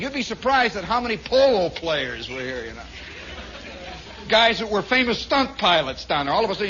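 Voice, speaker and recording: A man's voice: high-pitched, bright, forceful tone, slight background noise. A man from Indiana telling a long, rambling story on his radio show, full of asides. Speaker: radio host. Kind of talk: storytelling monologue. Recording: dull lo-fi 1960s radio broadcast.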